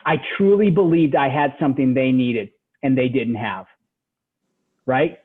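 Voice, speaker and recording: A man giving a motivational real estate training talk over a call, animated and tacking "right?" onto his points. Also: fairly high pitch. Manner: animated, repeats "right?" after each point. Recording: tinny phone-line audio.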